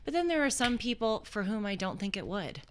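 A woman co-hosting a talk show, setting out her opinions in measured, full sentences. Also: mid-range voice, very animated, a little hiss or hum. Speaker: co-host. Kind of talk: casual conversational talk show.

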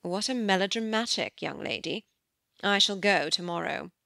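Casting: a woman as an idle, sardonic young gent, low and lazy, crisp studio read. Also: normal speed, bright, forceful tone, no echo. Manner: languid and sarcastic, slightly lowered. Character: young gentleman, cool, indolent and sarcastic. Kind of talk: audiobook character voice.

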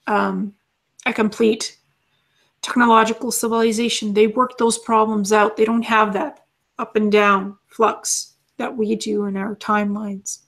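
A woman channeling as an alien being, calmly teaching and repeating her lessons as numbered lists. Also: medium pitch.

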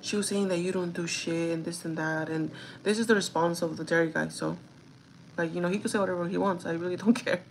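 A woman's voice: fairly low pitch, fairly even intonation, fast, vocal fry, slight background noise, low-quality recording. A woman chatting casually on a live stream, ranting with plenty of swearing.

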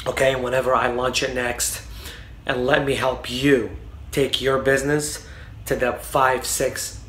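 A man's voice: mid-range voice, a bit bright, a little hiss or hum. A man talking casually to camera in his office, rambling with many fillers and restarts as he addresses his viewers. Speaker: online marketing vlogger. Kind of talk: casual vlog talk to camera. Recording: roomy echo.

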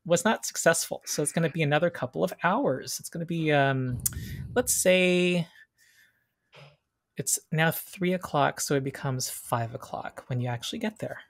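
A man running a tabletop role-playing session as game master, explaining rules in a relaxed way and reading scene descriptions slowly. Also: a little high.

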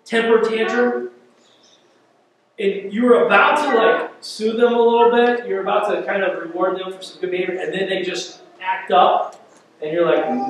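Animated high-voiced pastor in an echoey church. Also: male voice, slight background noise. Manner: animated, acts out quotes, conversational asides. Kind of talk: sermon. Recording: echoey church hall from far off.

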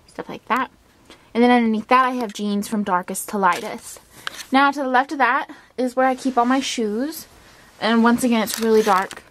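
A woman vlogger chatting casually through a closet tour, filling pauses with ums and likes. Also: mid-range voice. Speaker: beauty vlogger. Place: at home by her closet.

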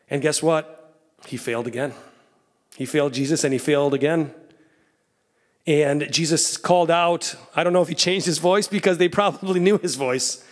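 A man in his thirties preaching an evening sermon in a church, telling the story with soft low asides and excited raised lines. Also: a little fast. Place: church sanctuary.

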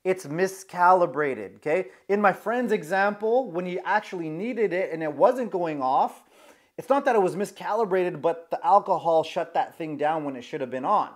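A man's voice: sits high, animated, moderate pace. A man of about forty giving advice on social anxiety through a personal story, emphatic and constantly checking in with "okay?".

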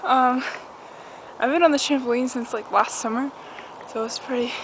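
Young woman rambling into her camera outside, kinda high voice, lots of background noise. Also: steady tone, normal speed. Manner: bubbly, rambling, giggly. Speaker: vlogger. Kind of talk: casual vlog chat. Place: outdoors on a backyard trampoline. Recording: noisy outdoor camcorder audio. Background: outdoor ambience with a dog barking.

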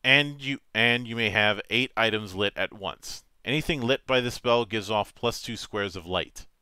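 A man reads tabletop game rules aloud as game master, steady and matter-of-fact, tripping over the odd word. His voice is bright and forceful. The sound is dry and close. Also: fairly low pitch, clear, resonant tone, no room sound. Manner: measured, matter-of-fact reading with small stumbles.

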